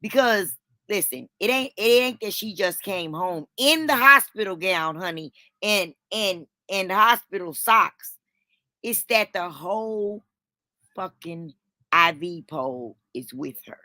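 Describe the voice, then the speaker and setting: A woman's voice: medium pitch, lively intonation, measured pace, sharp tone, no echo. A woman telling a dramatic story to her viewers, swearing freely and calling them honey. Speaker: storytime vlogger. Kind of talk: animated storytelling.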